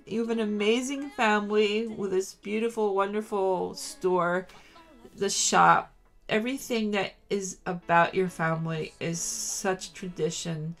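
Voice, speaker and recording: A woman's voice: mid-range voice, fairly even intonation, unhurried, fairly bright tone. A woman hosting a podcast, gushing and effusive, tearful and emotional as she talks. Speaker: podcast host. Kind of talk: casual interview chat.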